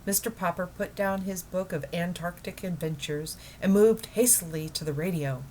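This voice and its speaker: A woman reading a children's novel aloud in a calm, measured narrating voice. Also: lowish voice, slight background noise. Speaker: storybook reader.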